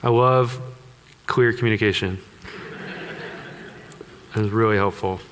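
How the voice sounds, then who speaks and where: A man's voice: lowish voice, steady tone, a little slow, fairly bright tone, slight background noise. A man preaching a sermon, conversational and joking with the congregation. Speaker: pastor. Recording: long hall reverb.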